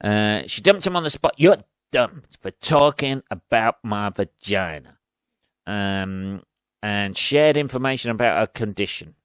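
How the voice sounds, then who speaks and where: A man's voice: lowish voice, clear, resonant tone, no room sound, clean studio sound. A man hosting a podcast, rambling through a crude comic monologue and laughing at his own jokes. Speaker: podcast host. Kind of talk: casual comedic monologue.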